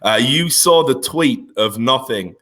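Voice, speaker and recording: A man co-hosting a casual esports podcast, teasing his partner with quick asides. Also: medium pitch, expressive, sharp tone. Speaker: podcast co-host, esports journalist. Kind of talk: casual chat.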